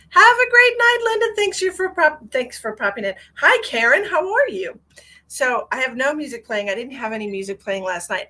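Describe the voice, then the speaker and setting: A woman hosting a live stream as a psychic medium, chatting casually and greeting viewers by name with endearments, swinging between bright exclamations and low asides.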